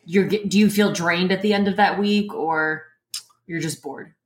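A woman with a fairly low voice chats as an interview guest, animated and quick to laugh. Her voice rings in an echoey room. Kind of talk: casual interview chat.

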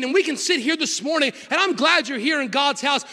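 A man preaching a sermon in church, emphatic and repetitive, with sudden loud bursts. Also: very high-pitched, expressive, a little fast, few pauses, big-room sound. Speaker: pastor. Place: church sanctuary.

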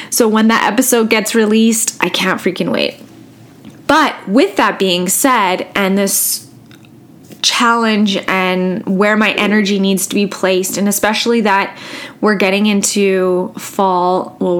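A woman hosting her own podcast, talking casually and emotionally, halting and restarting as she holds back tears. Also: mid-range voice, fairly bright tone. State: close to tears. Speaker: podcast host. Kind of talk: casual solo podcast talk.

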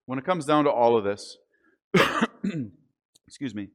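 A man preaching a sermon, earnest and deliberate, slowing down on the key phrases. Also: mid-range voice, animated. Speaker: pastor.

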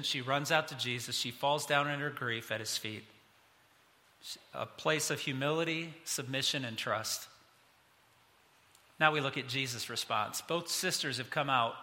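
Conversational pastor in an echoing hall. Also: male voice, a little high, bright, forceful tone. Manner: conversational, self-deprecating preaching with pauses. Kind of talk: sermon. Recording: long hall reverb.

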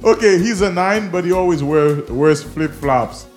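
A host in casual chat, reading out rating prompts, animated and laughing. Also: mid-range voice, unhurried, soft background music. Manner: animated, hyped, laughs loudly.

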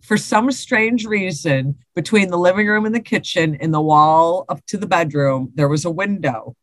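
A woman with a lowish voice co-hosts a podcast at a normal pace, with no room sound. She chats casually and reads listener stories aloud, laughing, swearing, and repeating herself.

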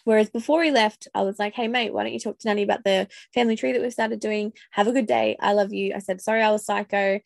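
Casting: frank, funny mum podcaster, a slightly gravelly woman, dry close sound. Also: medium pitch, fast, few pauses, no echo. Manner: candid, swearing, laughing, acts out yelling. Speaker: podcast host. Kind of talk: casual solo podcast monologue.

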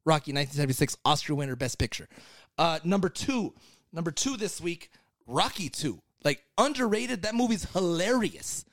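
A young man co-hosting a podcast, talking excitedly and rambling, with lots of restarts and swearing. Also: fairly high pitch, normal speed, dry recording. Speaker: podcast co-host. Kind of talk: casual podcast segment.

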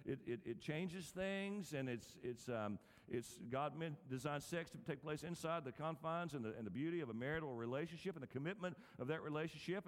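A man preaching a sermon to a congregation, telling homespun stories with easy humor and chuckling at his own anecdotes. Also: medium pitch. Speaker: pastor. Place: church or large hall with an audience. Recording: long hall reverb.

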